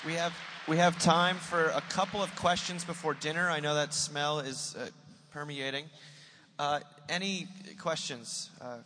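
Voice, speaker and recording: A man hosting an event, inviting questions from the audience in a lively, jokey way. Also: on the high side, unhurried. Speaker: event host. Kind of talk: moderating questions. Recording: distant mic, long hall reverb.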